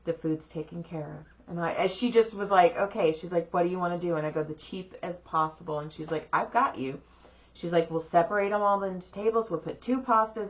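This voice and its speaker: A woman's voice: lowish voice, lo-fi sound. A middle-aged woman co-hosting a podcast, chatting casually and acting out the people in her stories, swearing freely. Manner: animated storyteller, acts out quoted voices, swears freely. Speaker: podcast co-host. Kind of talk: casual chat.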